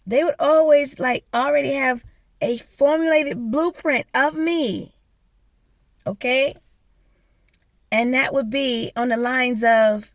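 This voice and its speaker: Slow, gravelly woman ranting bluntly. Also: high voice, dry recording. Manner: blunt, profane, emphatic. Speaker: vlogger. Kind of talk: casual storytelling rant.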